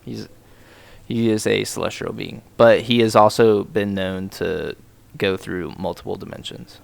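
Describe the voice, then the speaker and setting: A man's voice: fairly low pitch, fairly even intonation, unhurried, vocal fry. A young man from Ohio co-hosting a podcast, talking in a laid-back, rambling way full of slang and "like" and "dude". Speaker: podcast co-host. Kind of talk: casual chat.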